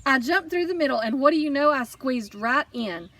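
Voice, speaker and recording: Lady reading a kids book, high voice, lively and expressive. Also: moderate pace, recorded from a distance. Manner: lively, expressive first-person storytelling. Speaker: audiobook reader. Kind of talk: children's audiobook narration.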